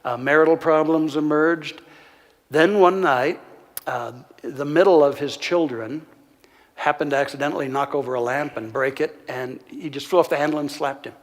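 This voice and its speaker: A minister telling a story in a sermon, earnest and measured, pausing often with "uh", recorded in a church sanctuary. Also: male voice, a little high, big-room sound.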